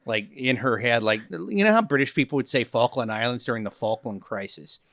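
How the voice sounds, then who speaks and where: A man in his fifties chats loosely on a podcast, rambling and hunting for words between laughs. His voice sits at an ordinary middle pitch. The sound is close and dry, with no room around it. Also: animated, a little fast, fairly bright tone, no echo. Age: 50s. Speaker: guest comedian. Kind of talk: casual podcast chat. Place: podcast studio.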